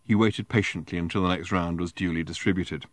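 A man reading an audiobook in measured, dry narration. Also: sits low, steady tone, no echo. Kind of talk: scripted narration.

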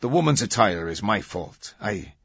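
A man's voice: fairly low pitch, lively intonation, normal speed, creaky, a bit bright, breathy edge, no room sound, voice pushed up, full character voice. A man reading an audiobook, voicing a rigid military commander who talks in a stiff, insistent way. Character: rigid military male commander, apologetic but unyielding. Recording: dull dry audiobook recording.

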